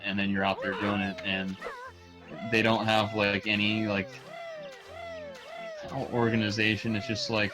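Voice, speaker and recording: A man's voice: fairly low pitch, little pitch movement, moderate pace, poor audio. A young man, a speedrunner, chatting casually while playing, rambling and swearing with many restarts. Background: game music.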